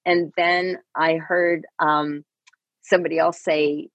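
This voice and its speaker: A middle-aged woman, a guest on a call interview, telling stories with animated quoted voices. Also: sits low, takes it slowly, dry recording, lo-fi sound. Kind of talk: casual interview storytelling. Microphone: earbud.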